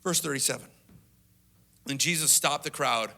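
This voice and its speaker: A lead pastor preaching a sermon in a conversational way, acting out quotes in a higher voice and dropping to a soft hush at tender moments. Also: male voice, normal speed, creaky. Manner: conversational, acts out quotes with rising pitch.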